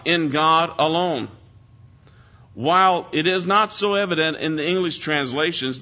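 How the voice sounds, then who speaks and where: A man preaching an expository Bible lesson with a bright, forceful voice that sits a little high. He leans hard on key words and speaks earnestly. The recording sounds dull and lo-fi.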